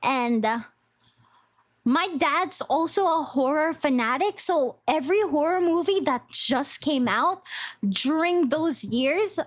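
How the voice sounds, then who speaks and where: A woman's voice: sits high, lively intonation, takes it slowly. A young woman streamer chatting casually on a live stream, bubbly and rambling, laughing easily. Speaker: VTuber streamer.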